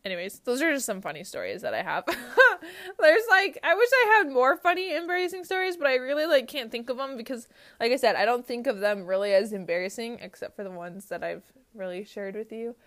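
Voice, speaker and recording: A woman's voice: on the high side, lively intonation, a little fast, fairly bright tone. A young woman hosting a podcast, reading funny stories aloud and chatting about them with a giggly manner and lots of filler words. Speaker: podcast host.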